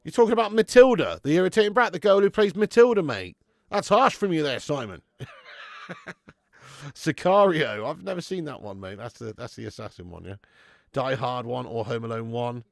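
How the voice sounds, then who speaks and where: A young man with a gravelly, fry-edged, sing-song voice hosts a live football watch-along at normal speed, reading out the chat as his pitch jumps around. He's casual, swears freely, laughs often and calls viewers "mate," and the close, dry recording has no room sound.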